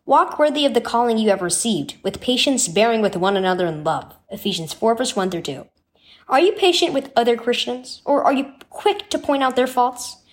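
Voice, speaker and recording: A woman narrating a children's devotional story expressively, then reading a Bible verse and its lesson. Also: on the high side.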